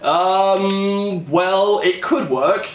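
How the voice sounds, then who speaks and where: A man's voice: a little high, moderate pace, far from the mic, loud music behind the voice. Hesitant British man in an echoey room. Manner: hesitant, thinking aloud with many fillers. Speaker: singer and music YouTuber. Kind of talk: casual explainer talk about a song. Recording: echoey room, voice a bit off-mic.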